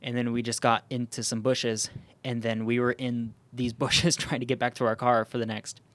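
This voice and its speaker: A man's voice: medium pitch, level tone, moderate pace, a bit bright, dry recording. Casual rambling man with many fillers. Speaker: podcast host. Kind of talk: casual chat.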